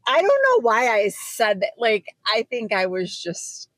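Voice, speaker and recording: Slow, expressive middle-aged mom. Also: female voice, fairly high pitch, no echo. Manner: relaxed, laughs along, explains herself. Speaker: podcast co-host, mother. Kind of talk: casual chat. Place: in a car.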